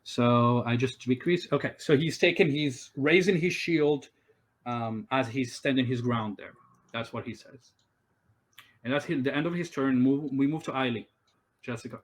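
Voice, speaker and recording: A man's voice: medium pitch, moderate pace. A man acting as game master in an online tabletop game, thinking aloud with many fillers as he runs the rules.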